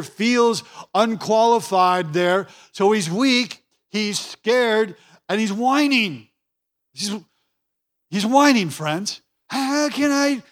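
A man's voice: high-pitched, a bit bright. A man pastor preaching a sermon in a church, repeating key phrases for emphasis and acting out the voices he quotes.

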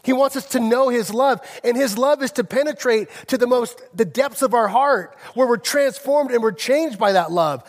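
A male pastor delivering a sermon, telling personal stories with emphasis and slowing down on key phrases. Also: very high-pitched. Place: church sanctuary. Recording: long reverb of a church hall.

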